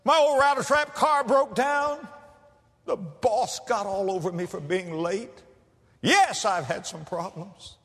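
A male preacher voicing a sassy, brusque diner waitress in a story, raising his pitch for her. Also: wildly swooping pitch, brisk, creaky, few pauses, a bit bright, big-room sound, exaggerated voice. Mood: upset. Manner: brusque and snappy, then tearful. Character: sassy young woman, a hurried diner waitress.

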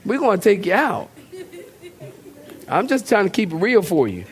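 A male pastor, preaching a sermon in a lively, joking way and talking straight to his congregation. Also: high voice, normal speed. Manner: animated, joking, talks directly to the congregation.

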